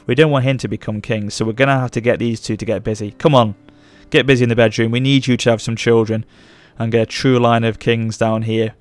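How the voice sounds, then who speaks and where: An excitable young man talks through his strategy game, often bursting into delighted praise. His voice sits at an ordinary middle pitch. The sound is close and dry, with no room echo. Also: fairly quick, few pauses, soft background music. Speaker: let's play host. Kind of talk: gameplay commentary.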